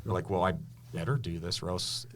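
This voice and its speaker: A man's voice: deep voice, a little fast, a little hiss or hum. A man, a history teacher and author, telling stories with eager enthusiasm and many restarts in a casual interview. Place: indoors with a podcast host.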